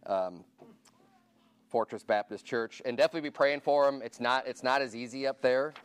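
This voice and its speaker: A man's voice: mid-range voice, normal speed, smooth. A man pastor giving casual church announcements to his congregation, informal and chatty, asking the room questions and counting raised hands.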